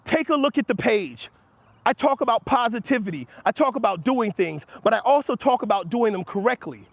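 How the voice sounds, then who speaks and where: Outdoors near passersby, a man hosting a livestream argues heatedly about money with his chat, calling chatters by name and laughing off their replies. He is animated and brisk, his pitch rising emphatically as he makes points, with no room sound.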